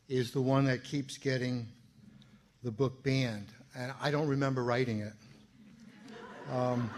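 A man, an author, casually introducing a reading of his own book, offhand, with ums and restarts. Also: medium pitch. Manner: loose, offhand, hesitant.

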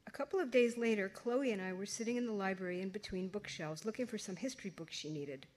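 A woman narrating a first-person novel aloud in a wry, expressive way, voicing a teenage girl. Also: medium pitch, quick pace. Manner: expressive, wry, voices characters. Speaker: audiobook narrator.

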